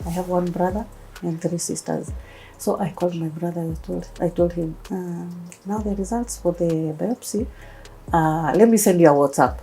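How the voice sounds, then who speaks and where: A Kenyan woman in her thirties tells her own story as an interview guest. Her voice sits a little low and mellow, and she brings the people in her story to life as she tells it. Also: moderate pace, a little hiss or hum, low-quality recording. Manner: animated storytelling, acting out quoted voices. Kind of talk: personal testimony interview.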